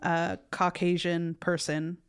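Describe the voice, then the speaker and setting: Woman podcast cohost, kinda low voice, rambly with lots of ums. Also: level tone, slow, clean tone. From United States. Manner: rambling, self-interrupting, many fillers. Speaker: podcast co-host. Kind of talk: casual conversation.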